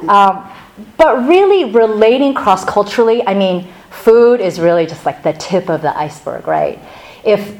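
A middle-aged woman pastor opening a sermon with a chatty, animated personal story, laughing now and then. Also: medium pitch, rough recording.

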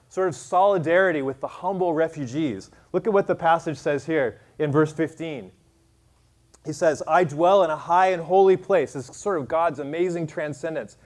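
A man's voice: on the high side, a little mellow. A man preaching a sermon as pastor, conversational and loose, full of "like" and "um", and reading scripture aloud with rising emphasis. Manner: casual, conversational preaching with many fillers.

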